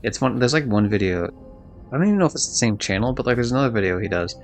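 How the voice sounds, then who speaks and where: A man's voice: mid-range voice, animated, very fast, faint music behind. A man streaming a video game live, chatting loosely and rambling, swearing now and then. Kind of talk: casual live-stream chat while gaming.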